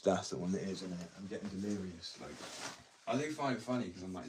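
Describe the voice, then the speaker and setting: A man's voice: sits low, quick pace, recorded from a distance, noisy background. A man in casual, rambling live chat, joking and slangy as he talks about addiction. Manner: chatty, joking, slangy, self-interrupting. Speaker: livestreamer talking about addiction.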